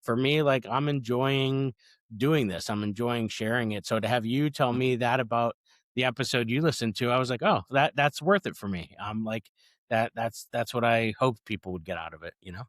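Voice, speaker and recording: A man's voice: mid-range voice, normal speed, dry recording, clean studio sound. A man in his forties, a comedian guest in a casual interview, talking eagerly and rambling, often repeating words as he goes.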